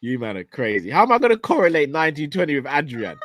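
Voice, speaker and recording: Lively joking man. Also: a little high, fast talker. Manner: joking, deadpan claims. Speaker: podcast co-host. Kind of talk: casual football banter.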